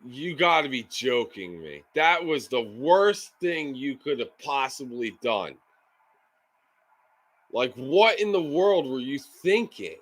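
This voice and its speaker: A man's voice: medium pitch, big pitch swings, slow, a bit bright. Ranting, swearing male sports streamer. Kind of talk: live-stream game reaction.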